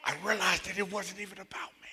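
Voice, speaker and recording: A man preaching a sermon and telling personal stories, moving between loud emphatic passages and hushed near-whispers. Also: high voice, little pitch movement, fast talker. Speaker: associate minister. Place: church sanctuary.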